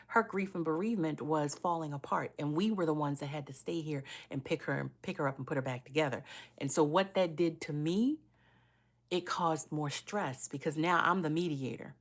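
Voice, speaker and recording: Low-voiced woman caregiver coach. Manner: earnest, personal, often adds "right?". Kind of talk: live-stream talk.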